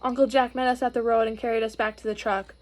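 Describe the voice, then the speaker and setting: Expressive woman reading a storybook. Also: on the high side, fast. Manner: expressive, gently explaining. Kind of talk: storybook read-aloud.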